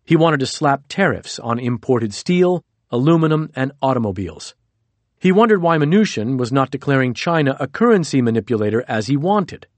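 A man reading a nonfiction audiobook in a measured, even narration. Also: medium pitch, dry recording. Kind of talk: scripted narration.

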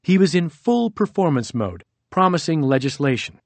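A man narrating a nonfiction audiobook in a measured, steady reading. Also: on the high side, no echo.

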